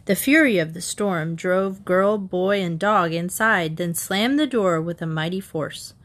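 A woman reading a children's mystery aloud in an even, measured storytelling voice. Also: lowish voice. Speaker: audiobook reader. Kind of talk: scripted narration.

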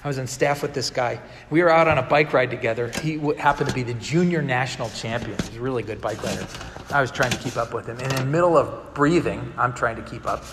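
A man's voice: medium pitch, fast talker, long reverb tail, background noise. A male pastor delivering a sermon in a conversational storytelling manner, acting out the people he quotes. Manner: conversational storytelling, vividly acts out quoted dialogue.

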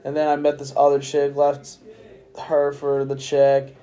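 A man's voice: a little high, monotone, measured pace, mellow. A drunk young man rambling through a profane story on a casual podcast. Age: young adult. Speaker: podcast host. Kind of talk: casual chat.

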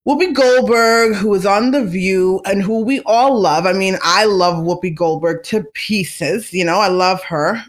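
A podcast host gossiping casually about celebrities, chatty and animated, with lots of fillers and restarts and easy laughter. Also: medium pitch, measured pace, hardly any pauses.

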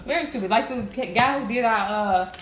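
A woman talks in a casual back-and-forth, leaning hard on her words and saying them twice for weight. Her voice sits at an ordinary pitch. The room around her is echoey, with steady noise underneath. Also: a little fast. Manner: animated, emphatic, repeats herself. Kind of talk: casual chat about zodiac signs.

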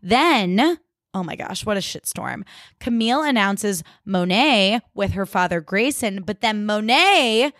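A woman's voice: medium pitch, expressive, measured pace, a bit bright, dry recording, clean studio sound. A woman hosting a podcast, recapping a TV episode in casual chat, swearing freely and saying "like" a lot. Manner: chatty, swears freely, lots of "like". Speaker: podcast host.

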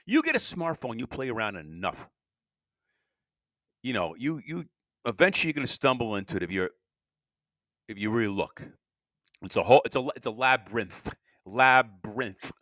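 A man's voice: mid-range voice, sing-song, normal speed, long pauses, dry recording, clean studio sound. A middle-aged man hosting a podcast, rambling through a solo monologue and often breaking off mid-sentence, his voice tired. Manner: meandering, self-interrupting, swings between loud and mumbling. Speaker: podcast host.

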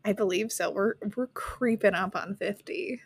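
A young woman co-hosting a podcast in casual chat, playful and teasing, with quick quips. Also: medium pitch, slightly rough. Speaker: podcast co-host.

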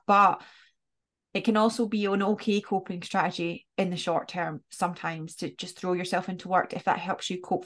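A woman co-hosting a coaching podcast, talking in a reflective, thoughtful way with frequent restarts. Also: fairly low pitch. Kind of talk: casual podcast chat.

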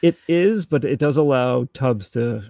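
Gravelly warm-voiced man chatting. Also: medium pitch, dry recording, clean studio sound. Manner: animated, acts out scenes in quick voices. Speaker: podcast co-host. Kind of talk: casual chat.

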